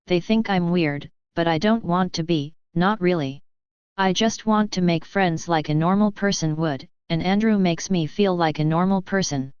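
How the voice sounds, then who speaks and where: A woman's voice: on the low side, a little mellow, smooth, no echo, natural voice. Woman voicing an earnest teenage girl. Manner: earnest, pleading. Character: shy hopeful teenage girl with powers. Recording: dull lo-fi with faint music.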